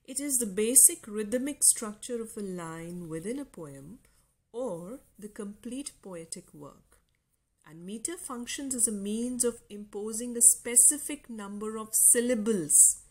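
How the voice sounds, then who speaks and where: A woman with an Indian English accent giving a lecture to university students, explaining terms slowly and repeating key words. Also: mid-range voice.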